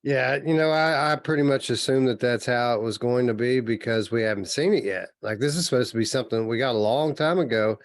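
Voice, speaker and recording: A man's voice: mid-range voice, fairly quick, few pauses, a little hiss or hum. A man co-hosting a podcast, giving his opinions and explaining them at length. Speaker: podcast co-host. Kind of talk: casual chat.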